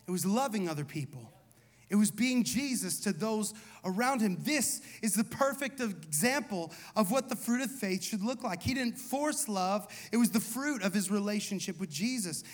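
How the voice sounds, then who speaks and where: A man in his thirties delivers a sermon with a rather high voice. He talks like he is chatting with friends, peppering his lines with "like" and "you know". Then he drives points home with repeated short questions. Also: animated, normal speed. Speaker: pastor. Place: church hall.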